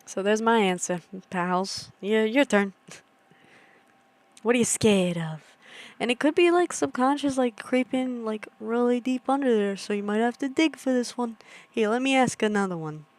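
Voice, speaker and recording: A young woman streamer with a slightly high voice chats with viewers at normal speed, with no echo on the audio. It's casual livestream talk, rambling and self-amused, aimed at her chat.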